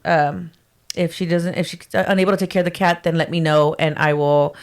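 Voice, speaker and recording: Animated woman telling a story. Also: low voice, a little fast. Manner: animated, acts out quoted voices, casual slang. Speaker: podcast co-host. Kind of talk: casual chat, storytelling.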